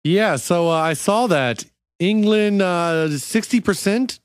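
Man co-host, casual comedy podcast, wisecracking, slightly high voice, dry close sound. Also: takes it slowly, clean tone, no room sound. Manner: wisecracking, asks blunt questions.

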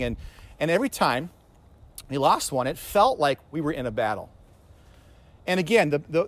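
High-voiced man preaching earnestly. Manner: earnest, personal preaching that builds to emphatic questions; repeats words as he restarts phrases. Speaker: pastor. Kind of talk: sermon.

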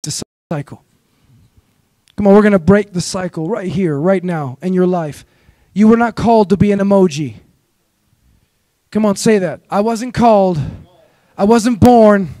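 A man preaching a lively sermon in a church, exhorting the congregation with repeated call-and-response phrases. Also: high-pitched, measured pace, pauses often, dry recording. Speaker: guest preacher. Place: church sanctuary.

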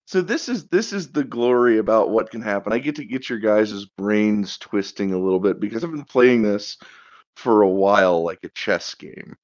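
A man's voice: on the low side, lively intonation, moderate pace, dull audio. A man running a tabletop campaign, chatting casually on a podcast and teasing the players about plot secrets. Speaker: dungeon master.

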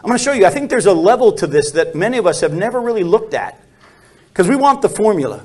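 High-voiced man teaching a Bible study. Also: quick pace, husky. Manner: animated storytelling, acts out quotes with dropped voice.

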